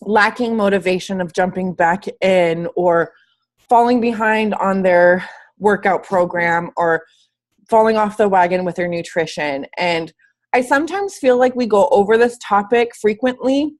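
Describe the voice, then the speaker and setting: A woman's voice: medium pitch, a little slow. Sick woman coaching a team call. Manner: upbeat and emphatic, with casual slang. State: sick, slightly wheezy. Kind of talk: casual motivational talk. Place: at home, in bed.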